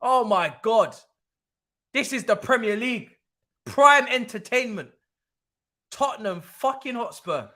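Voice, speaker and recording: Young man, football watch-along host, high voice, sharp bright tone, excitable, repetitive, swears a lot. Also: a little slow, pauses often. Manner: excitable, repeats himself, swears freely. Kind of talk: live stream reaction commentary.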